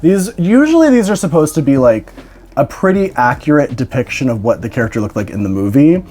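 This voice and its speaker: A tired young woman and doll collector, chatting casually in an unboxing vlog. She is excitable and emotional, swears freely, and laughs often. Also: a bass voice, a little fast.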